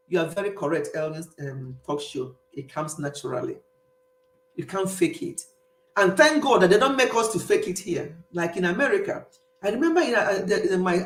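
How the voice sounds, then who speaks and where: A Nigerian woman hosting a casual live stream, chatting and answering her viewers' comments as they arrive, with a warm Nigerian accent and frequent bursts of laughter. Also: lowish voice. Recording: roomy echo.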